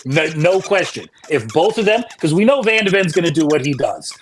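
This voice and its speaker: A man's voice: on the high side, sing-song, brisk, slight background noise. A man on a video call as a panelist, chatty and analytical, often saying "man". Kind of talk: casual fan-show chat.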